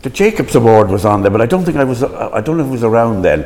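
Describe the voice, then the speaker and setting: A man's voice: medium pitch, big pitch swings, rapid-fire, a little mellow. An older man, a stage actor, reminiscing in an interview with rambling, stop-start storytelling.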